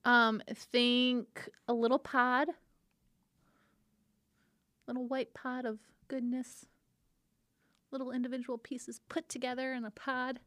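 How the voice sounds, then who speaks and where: A young woman with a slightly high voice chats playfully on a food podcast, teasing her co-host and filling gaps with ums. The sound is close and dry. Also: little pitch movement, takes it slowly, pauses often, a bit bright, no room sound. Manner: playful, teasing, chatty with fillers. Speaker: co-host presenting pizza facts. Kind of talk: casual podcast chat.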